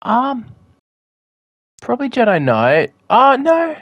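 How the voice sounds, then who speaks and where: A man's voice: very high voice, wildly swooping pitch, slow, no echo, muffled recording. A young man co-hosting a podcast, chatting casually with brief replies and teasing asides. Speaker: podcast co-host.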